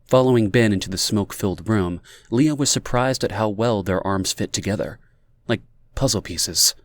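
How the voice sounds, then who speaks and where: A man reading fiction aloud as an audiobook narrator in a measured, even manner. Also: fairly low pitch, no room sound. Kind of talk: scripted narration.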